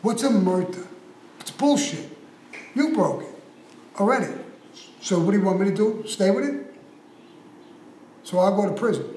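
Brief: a high-voiced ex-con, heated and profane, in a roomy space with faint hiss. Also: male voice, a little mellow. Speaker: interview guest, former prison inmate. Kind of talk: casual storytelling in an interview.

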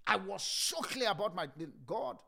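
A male pastor in mid-life delivers a sermon with fervent emphasis, his volume surging and sinking as he repeats phrases. His voice sits high and leaps around energetically. It has a bright, sharp ring and a gravelly fry underneath. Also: expressive, brisk.

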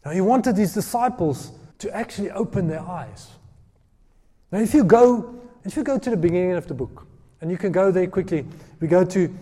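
A man preaching a sermon, retelling a scripture story with lively, acted-out voices. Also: sits high. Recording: long hall reverb.

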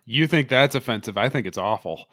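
A man co-hosting a movie podcast, mostly chiming in with short agreement and halting restarts. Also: mid-range voice, lively intonation, a bit bright. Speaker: podcast co-host. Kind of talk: casual chat.

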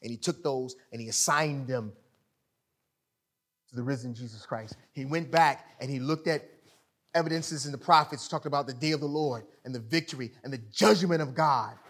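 A man preaching a sermon in an emphatic, conversational way, swinging from loud to quiet. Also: medium pitch, moderate pace. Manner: conversational, illustrates with sports stories.

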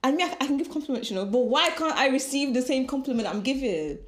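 A woman's voice: high-pitched, animated, fast. A woman in her twenties co-hosting a podcast, chatting frankly and teasingly while she thinks aloud. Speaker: podcast co-host. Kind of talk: casual chat. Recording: echoey room.

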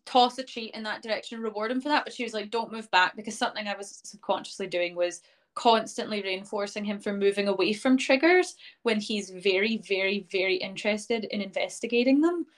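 A young woman chats through a personal story as an interview guest, her pitch sitting in an ordinary middle range. She rambles easily with plenty of fillers and slips into quoting other people mid-sentence, the way friends tell stories. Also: brisk. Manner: chatty, many fillers like "um" and "like", acts out quoted speech. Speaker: interview guest, dog owner. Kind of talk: casual storytelling in a podcast interview.

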